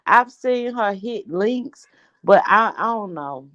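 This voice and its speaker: Animated woman gossiping casually. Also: mid-range voice, slow pace, highs cut off. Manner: animated, exclaiming and laughing.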